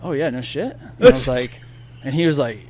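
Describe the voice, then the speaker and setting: Male guest, mid-pitch, casual storyteller who quotes others and laughs a lot. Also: animated, brisk, darkish tone, a little hiss or hum. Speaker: podcast guest.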